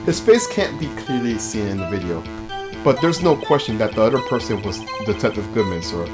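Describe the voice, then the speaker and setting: A man's voice: fairly low pitch, sing-song, a little fast, music in the background. A man voicing an overly dutiful young male police officer who keeps saying "sir" while reading game dialogue aloud. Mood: earnest. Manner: ends every sentence with "sir".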